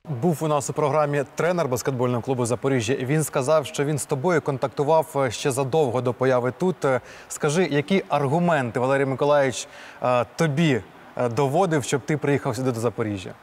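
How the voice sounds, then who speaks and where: A man's voice: medium pitch, quick pace, a little mellow, slight background noise. A man hosting a sports interview, asking questions with hesitant fillers.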